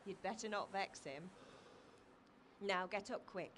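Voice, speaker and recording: A woman's voice: mid-range voice, unhurried, a bit bright, a little hiss or hum, close to an everyday voice. An actress playing a middle-aged village mother who chides her son. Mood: chiding. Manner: chiding, motherly.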